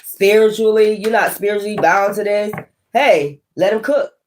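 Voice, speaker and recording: A woman's voice: medium pitch, normal speed, darkish tone, slight background noise. A woman giving a tarot reading in a blunt, profane manner, laughing often and talking straight to the listener. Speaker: tarot reader.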